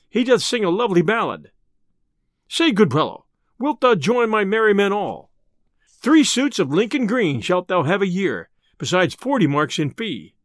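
A man's voice: high voice, dry recording, studio quality. A man doing a jovial outlaw leader. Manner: jovial, hearty and boisterous. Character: merry bold male outlaw leader.

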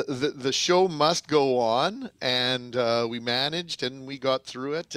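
A man hosting a sports morning radio show, talking in a steady, measured way. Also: fairly high pitch, no room sound. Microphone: studio microphone.

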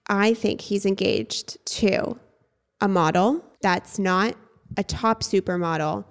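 A woman's voice: mid-range voice, takes it slowly. Chatty young woman podcast co-host. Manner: chatty, upbeat, playful. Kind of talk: casual chat. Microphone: studio microphone.

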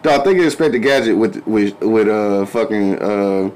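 A man hosts a loose, profane chat among friends. His pitch jumps around animatedly as he laughs and riffs. A faint noise floor sits under the voice. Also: expressive, normal speed, darkish tone. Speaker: podcast host. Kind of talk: casual chat.

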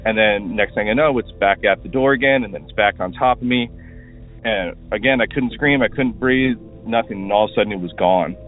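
A man's voice: on the low side, a little fast, soft background music. A man from Washington State calling in to tell a rambling story, full of fillers, as a recorded voicemail. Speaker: caller. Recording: tinny phone line.

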